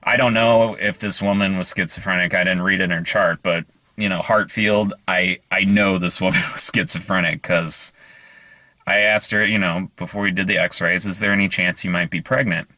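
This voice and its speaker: A man tells stories to camera in a meandering, earnest way, full of hesitant fillers. His voice sits low but sounds bright and forward. The recording is dry and close. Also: fairly even intonation, moderate pace, no echo. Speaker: vlogger. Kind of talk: casual storytelling to camera.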